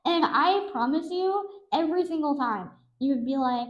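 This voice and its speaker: A young adult woman hosting a podcast, telling stories in a sarcastic, animated, self-mocking way. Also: high voice, moderate pace, roomy sound, highs cut off. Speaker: podcast host. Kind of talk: casual storytelling monologue.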